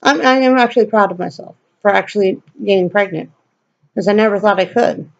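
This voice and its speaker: A woman rants through a personal story for her vlog, blunt and full of swearing, and she wanders from point to point. Her voice sits at an ordinary middle pitch. The recording is dull and lo-fi. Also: fairly quick, creaky. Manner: blunt, profane, rambling. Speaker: vlogger.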